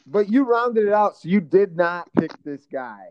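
A man's voice: high-pitched, animated, normal speed, highs cut off. A man co-hosting a casual podcast, bantering with jokes and swearing. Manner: joking, profane banter. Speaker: podcast co-host. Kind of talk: casual chat.

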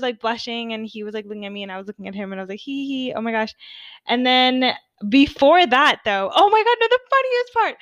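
Young woman gossiping a storytime, smooth clear voice, dry close sound, keeps going off track. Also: medium pitch, a bit bright, no echo, highs cut off. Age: young adult. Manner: rambling, giggly, full of "like" and "oh my God". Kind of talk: casual storytime chat.

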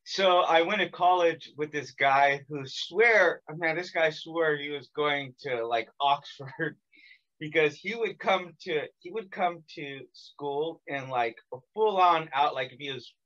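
A man's voice: fairly high pitch, unhurried, a bit bright, highs cut off. A man hosting a podcast over a remote call, rambling casually with lots of "like". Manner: rambling, heavy use of "like". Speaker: podcast host.

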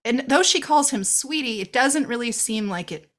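A woman with a bright, forceful voice co-hosts a movie podcast. She talks in an animated, chatty way, swears freely and jumps into little quoted voices to make her points. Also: a little high, normal speed. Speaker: podcast co-host. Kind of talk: casual chat reviewing a movie.

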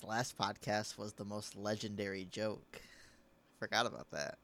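A man's voice: on the low side, level tone, unhurried, fairly bright tone. A young man co-hosting a podcast, teasing his co-host in dry, casual chat.

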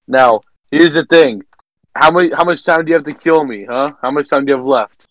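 A man's voice: on the high side, fairly quick, a bit bright, no echo, close to an everyday voice, poor audio. A man doing a taunting Donkey Kong ape.

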